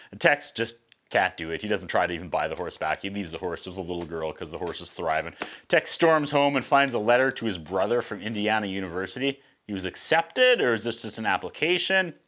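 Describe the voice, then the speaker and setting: A man's voice: fairly low pitch, lively intonation, fairly quick, fairly bright tone. Wry man recapping a movie. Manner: sarcastic, wry asides while recapping. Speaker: host. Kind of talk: casual movie review narration.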